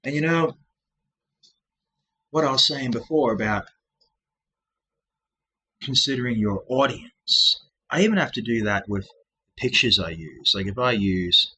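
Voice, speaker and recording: A man ranting at his commenters in a mocking, sarcastic tone, breaking into shrill manic laughter. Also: animated, a little slow, long pauses, pushed and bright, a little hiss or hum, poor audio. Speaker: channel host.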